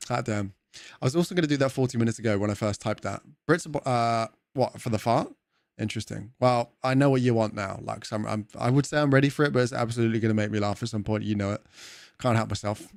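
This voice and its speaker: A man's voice: medium pitch, darkish tone, no echo, clean studio sound. A man chatting casually with viewers on a game livestream, rambling, swearing and laughing easily. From Wales. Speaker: gaming streamer.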